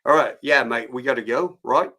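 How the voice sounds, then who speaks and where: A man putting on a to voice a careless skydiving instructor with a brisk, offhand delivery. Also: medium pitch, bright, forceful tone. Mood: breezy.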